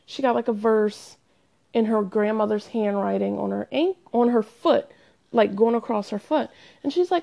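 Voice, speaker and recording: A chatty woman telling her own story straight to camera, self-deprecating and animated. Her voice sits a little high and carries a gravelly vocal fry. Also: normal speed. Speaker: vlogger. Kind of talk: confessional casual monologue.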